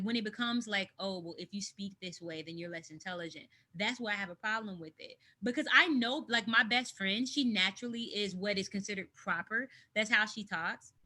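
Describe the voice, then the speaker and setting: A woman from the United States speaking candidly as an interview guest, emphatic and outspoken, on a video call from home. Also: mid-range voice. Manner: emphatic, animated, speaks her mind.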